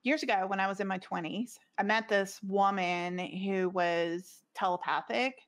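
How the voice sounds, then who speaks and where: A woman's voice: medium pitch, fairly even intonation, unhurried. A middle-aged woman, a podcast guest, telling a story in casual conversation, rambling with lots of "like" fillers and restarts.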